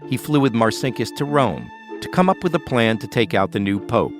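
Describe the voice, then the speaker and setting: A man hosting and narrating a documentary podcast in a measured, scripted storytelling way. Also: medium pitch, animated, over music.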